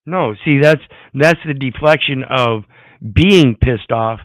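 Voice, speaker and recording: A man's voice: medium pitch, slow, dry recording. A man giving preachy, moralizing commentary, often repeating words as he searches for them. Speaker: panel host. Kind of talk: lecturing commentary. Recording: tinny phone-like line.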